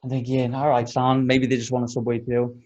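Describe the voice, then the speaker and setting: A man's voice: medium pitch, a little fast, muffled recording. Young man telling a wild story. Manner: animated storyteller, swears a lot. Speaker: podcast host. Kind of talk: casual chat, storytelling.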